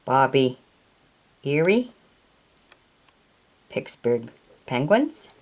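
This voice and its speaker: A woman with a low voice reads through her collection of trading cards one at a time, naming each player and team at a very slow, unhurried pace. Her pitch swings widely as she goes. She sounds out tricky names haltingly and sometimes stumbles over them. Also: big pitch swings. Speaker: hockey card collector.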